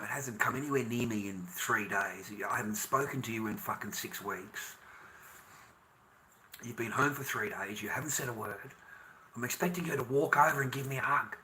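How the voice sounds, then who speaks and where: An Australian man rants to camera in a bitter, swearing monologue. His voice is bright and sharp. He lurches from angry outbursts down to low, resentful muttering. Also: slight background noise, poor audio. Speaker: vlogger.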